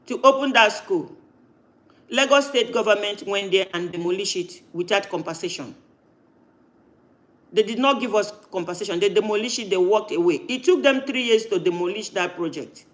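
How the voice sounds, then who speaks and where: High-voiced man hosting. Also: normal speed, fairly bright tone. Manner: insistent, cuts in with repeated no's. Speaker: live-stream host. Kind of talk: heated live-stream talk.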